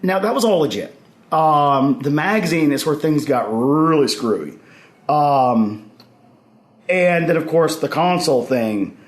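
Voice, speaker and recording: This is a man with a slightly high voice, telling a long story in an animated way and slipping into the voices of the people he quotes. The sound is echoey, as if recorded in a big convention hall. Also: a little slow. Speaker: podcast guest. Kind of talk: casual storytelling.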